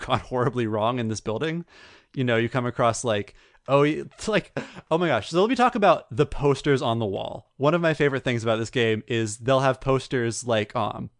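A man co-hosting a podcast, chatting casually and retelling a story with lively acted-out quotes. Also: mid-range voice, dry recording, clean studio sound. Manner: animated storyteller, acts out quotes. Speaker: podcast co-host. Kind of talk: casual chat.

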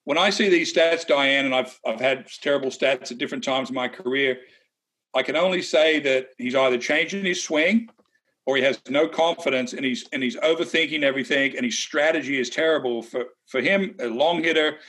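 Bright blunt-talking man, former pro golfer. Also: mid-range voice, brisk. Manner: blunt, emphatic, teasing. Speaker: co-host, former tour golfer. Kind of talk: casual golf analysis chat.

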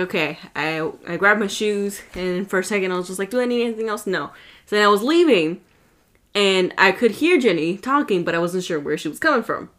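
A woman co-hosting a podcast, telling a story in casual chat and acting out the voices in it. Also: mid-range voice. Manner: lively storyteller who acts out quotes. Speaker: podcast co-host.

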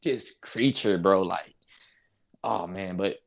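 A young man with a low-pitched voice tells a story as a guest in an interview. He talks casually and with energy, laughs along the way and acts out the other people's lines. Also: slow, creaky, slight background noise. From North Carolina. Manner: animated, laughs while telling, acts out voices. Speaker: interview guest, basketball player.

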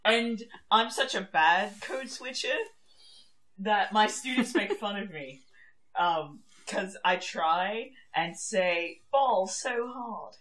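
A woman's voice: medium pitch, slow pace, a bit bright. A young woman with a posh southern English accent, chatting and laughing often as a podcast co-host, swearing freely. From England. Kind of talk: casual chat recapping a show.

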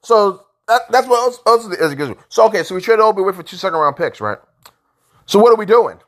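A very animated, fast-talking man rants casually as a sports fan vlogger. He's frustrated, veering between loud outbursts and low mutters.

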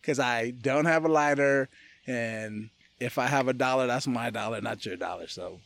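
Man from California, podcast guest, animated storyteller, mid-pitched voice, dry close sound. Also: vocal fry, dry recording. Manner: animated, acts out other people's lines in quick voices; laughs often through his story. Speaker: podcast guest, martial arts gym owner. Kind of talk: casual storytelling.

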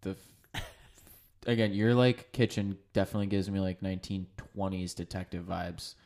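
A man's voice: low-pitched, flat delivery, moderate pace, gravelly, darkish tone. A man trades loose, joking banter as a podcast co-host. He rambles and swears freely in an easy, casual chat.

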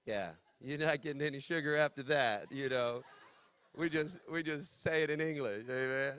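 A man's voice: fairly high pitch, moderate pace, fairly bright tone, clear, resonant tone, dry recording. Joking Southern preacher man. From Texas. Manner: playful, joking, drawls "y'all". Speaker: guest preacher. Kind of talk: sermon.

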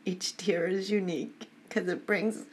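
A woman's voice: fairly low pitch, fairly even intonation, unhurried, slight background noise. A woman casually reading aloud at home and adding her own rambling, heartfelt, emotional commentary. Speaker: reader giving commentary.

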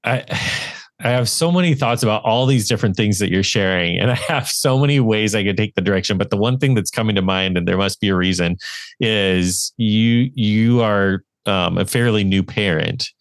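A man hosting a podcast, asking questions in a thoughtful, halting way as he searches for words. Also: fairly low pitch, dry recording. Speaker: podcast host. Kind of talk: casual conversation.

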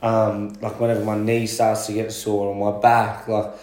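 A man's voice: fairly low pitch, completely flat delivery, normal speed, darkish tone. A man with an Australian accent, chatting as a guest who works as a concreter, swearing freely and laughing at himself. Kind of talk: casual chat. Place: at home, indoors. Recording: roomy home recording.

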